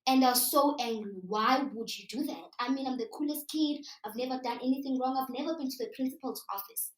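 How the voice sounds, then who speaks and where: Animated South African woman storyteller. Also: high-pitched, fast. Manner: animated, chatty, slips into local words. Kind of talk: live storytelling to an audience. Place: live event room. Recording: roomy sound from a distant mic.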